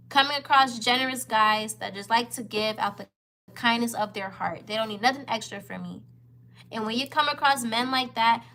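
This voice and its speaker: A woman's voice: fairly high pitch, bright, forceful tone. A woman in her twenties telling a story in a casual vlog. She talks candidly and straight to her viewers, and she often repeats her phrases. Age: 20s. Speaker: vlogger.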